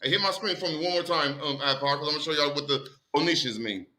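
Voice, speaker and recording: A man on a casual online group call, talking loudly and emphatically, swearing and repeating phrases. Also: fairly high pitch, fast, rough recording. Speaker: call participant, self-described language guru. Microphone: computer headset or call mic.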